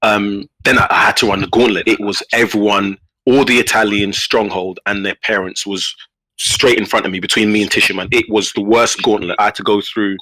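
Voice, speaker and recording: A man telling a story in a casual podcast chat, animated, with many restarts. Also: lowish voice, a little fast, no echo, poor audio. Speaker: guest player.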